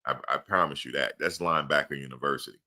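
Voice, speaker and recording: A man's voice: extremely low pitch, fast talker, pushed and bright. A man hosting a live sports stream, answering chat with emphatic, repeated rhetorical questions. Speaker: livestream host.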